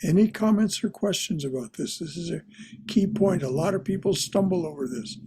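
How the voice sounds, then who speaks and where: A man leading a religious study class, gentle and often repeating words as he explains. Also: sits high, animated, a little fast, gravelly, background noise. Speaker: class teacher.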